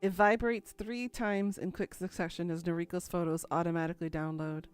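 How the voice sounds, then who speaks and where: A woman's voice: lowish voice, fairly even intonation, fairly quick, clear, resonant tone, soft background music. A woman narrating a first-person story in a dry, musing, inward way.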